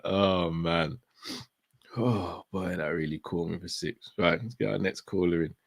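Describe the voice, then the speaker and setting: A man's voice: low voice, measured pace, gravelly, no echo, studio quality. A man co-hosting a casual call-in show with easygoing banter.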